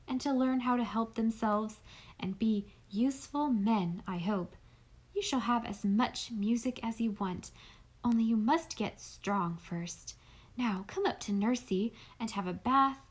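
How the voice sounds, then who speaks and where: A woman voicing a gentle, motherly schoolmistress who speaks softly and tenderly. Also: mid-range voice, breathy edge. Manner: soft, tender, often near a whisper.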